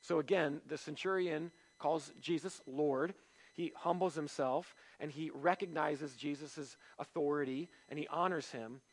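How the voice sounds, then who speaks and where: A man with a notably high voice preaches to his church. He talks in a relaxed, conversational way, throws out rhetorical questions, and jokes about himself. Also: a little slow, low-quality recording. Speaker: pastor. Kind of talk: sermon.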